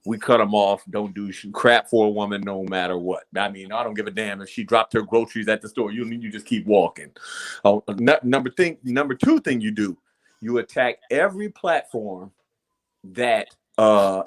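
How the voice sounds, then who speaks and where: A man with a low voice speaks in a blunt, emphatic way. He rambles and swears freely as he hosts a casual discussion. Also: moderate pace. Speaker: host.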